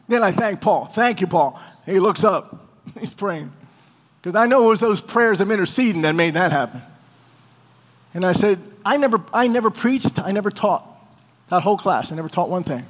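A man with a notably high voice tells a sermon story with energy, acting out each exchange. His voice rings with a long reverberant tail, as in a large hall. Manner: animated storyteller, acting out dialogue. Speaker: preacher.

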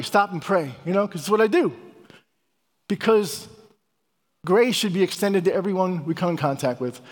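A middle-aged man preaching a sermon and telling his own testimony in a fervent, repetitive, emphatic way. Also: high-pitched. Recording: reverberant hall.

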